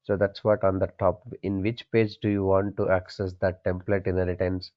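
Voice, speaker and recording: On a dull, lo-fi recording, a very low-voiced programming instructor speaks flatly at normal speed. Teaching coding in plain classroom language, he asks students questions, answers them himself and says every key point twice.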